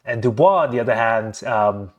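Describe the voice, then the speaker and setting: A man's voice: mid-range voice, lively intonation, normal speed, muffled recording. A man hosting a boxing podcast in a chatty, easygoing way, often stumbling and repeating words. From Philippines. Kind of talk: casual chat.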